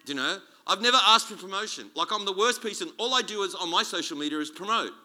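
A man preaching a sermon as a guest speaker, chatty and animated, joking and restarting his sentences. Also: high voice, fast talker. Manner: animated, conversational, jokey preaching with many restarts.

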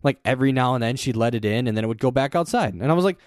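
A young adult man chatting casually as a podcast co-host, swearing often and rambling, with excitable jumps in pitch. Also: rapid-fire, no room sound, studio quality. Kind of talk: casual chat.

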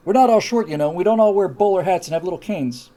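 A man's voice: high-pitched, fast talker, dark tone, close to an everyday voice. A man putting on a huffy, offended Irishman. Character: indignant, touchy Irishman complaining about stereotypes.

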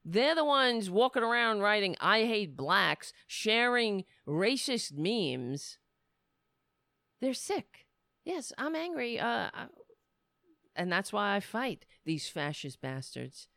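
A woman's voice: mid-range voice, very animated, slow pace, creaky, a bit bright, dry recording, clean studio sound. A woman commentator delivering an indignant, sarcastic rant. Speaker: political commentator.

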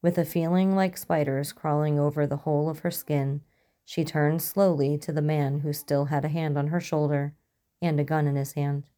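A woman narrating a story in an even, measured way. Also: low voice.

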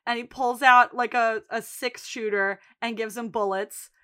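A woman's voice: fairly high pitch, fairly even intonation, unhurried, a bit bright, smooth. A woman co-hosting a podcast, casually retelling TV scenes and acting out the lines. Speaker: podcast co-host. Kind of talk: casual recap chat.

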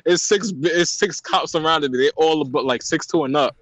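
A man's voice: a little high, moderate pace, fairly bright tone, dry recording, lo-fi sound. A young man, telling a story in casual chat and laughing often.

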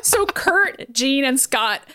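A woman co-hosting a casual movie review podcast, animated and swearing freely as she recaps scenes. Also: high-pitched, slow pace. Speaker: podcast co-host.

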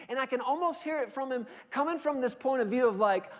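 A man preaching a sermon, emphatic, swinging from loud declarations to hushed, quiet lines. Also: very high-pitched, lively intonation, fast, few pauses. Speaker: pastor.

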